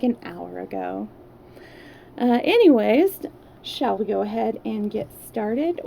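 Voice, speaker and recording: A woman with a Californian accent chats in a rambling way and reads a novel aloud on a livestream. Her voice is mellow, with a gravelly edge. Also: medium pitch, a little hiss or hum. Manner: chatty, rambling, many fillers. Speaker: livestream storyteller. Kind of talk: casual chat and read-aloud.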